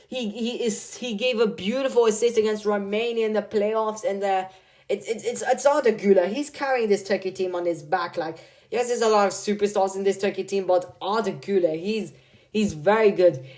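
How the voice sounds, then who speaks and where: This is a young man chatting through his football predictions. His delivery is loose and slangy, with lots of filler, repeated words and restarts as he thinks out loud. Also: sits high, moderate pace. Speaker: football video creator. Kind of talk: casual prediction commentary.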